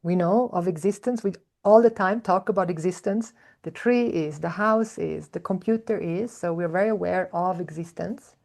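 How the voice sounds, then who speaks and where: A woman giving a reflective spiritual talk, speaking slowly and thoughtfully with soft hums and fillers. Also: fairly low pitch, creaky. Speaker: spiritual teacher, podcast host.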